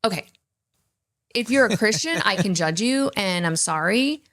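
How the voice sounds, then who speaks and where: On a faith podcast she co-hosts, a woman recounts personal stories in an earnest, emphatic manner, keeping the talk candid. Her voice is mid-range, expressive and fairly bright, delivered at a measured pace.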